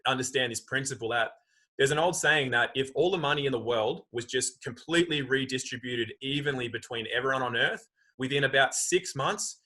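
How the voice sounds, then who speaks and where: Bright, emphatic man on a video call. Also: mid-range voice, low-quality recording. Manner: emphatic, animated, acts out quoted voices. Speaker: guest. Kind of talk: casual conversation.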